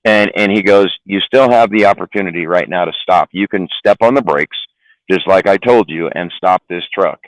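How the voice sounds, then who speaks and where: Low-voiced trucker telling a profane story. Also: male voice, moderate pace, dry recording, rough recording. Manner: rambling, profane, repeats words. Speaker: trucker guest. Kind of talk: casual storytelling on a live stream.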